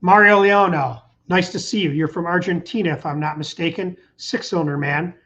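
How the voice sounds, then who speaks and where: This channel host, a middle-aged man, talks in a high-pitched, sharp voice at a slightly quick pace over a muffled recording. His casual livestream chat is upbeat and meandering, and he reads out comments from viewers.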